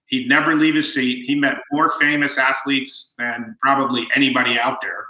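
A man's voice: mid-range voice, steady tone, moderate pace, roomy sound, rough recording. A middle-aged man telling family anecdotes as an interview guest, quoting people as he goes. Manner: warm anecdotal storyteller, quotes people. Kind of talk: storytelling interview.

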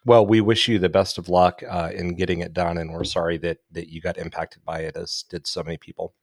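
Deep-voiced man hosting a podcast. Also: flat delivery, fairly quick, no room sound, clean studio sound. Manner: hesitant, many restarts and fillers. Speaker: podcast host. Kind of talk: podcast interview.

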